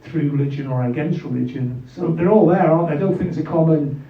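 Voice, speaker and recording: A man's voice: a little high, steady tone, fast, narrow, tinny audio. An English man in his sixties interviewing a guest, chatty, ending his points with tag questions. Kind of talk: casual live interview. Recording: distant roomy hall mic with audience.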